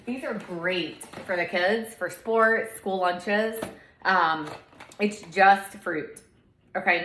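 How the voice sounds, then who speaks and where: A woman's voice: lowish voice, sharp tone, roomy sound, a little hiss or hum, low-quality recording. A woman in her thirties chatting casually through a shopping haul video at home, with lots of asides. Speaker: lifestyle vlogger.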